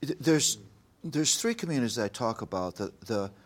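A middle-aged man speaking earnestly in an interview, preaching with emphasis and softly retelling conversations with his child. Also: mid-range voice, lively intonation, moderate pace. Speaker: guest, Christian author on parenting. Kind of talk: earnest interview talk with told anecdotes.

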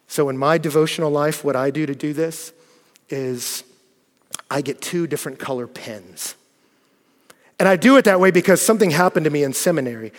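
A man preaching a sermon, animated and shifting from loud bursts to hushed, earnest passages. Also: on the high side. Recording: long hall reverb.

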